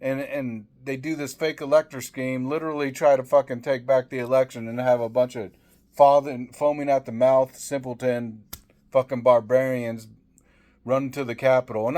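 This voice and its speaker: A man's voice: medium pitch, darkish tone. A man in the middle of an angry political rant to his viewers, swearing heavily. He stumbles over his words, repeating and restarting as the anger runs ahead of him. His voice sits in an ordinary middle register. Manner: profane, heated, repetitive stammering restarts. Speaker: political commentator.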